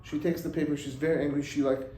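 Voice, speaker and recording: A rabbi telling a story in a sermon, acting out its voices and mixing in Hebrew and Yiddish words. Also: male voice, on the high side, fast talker, roomy sound, slight background noise, rough recording. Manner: animated, acts out the voices in the story.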